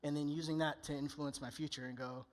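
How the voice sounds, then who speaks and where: A man's voice: on the high side, level tone, fast. A male pastor preaching a candid, conversational sermon in church, often acting out people's inner voices.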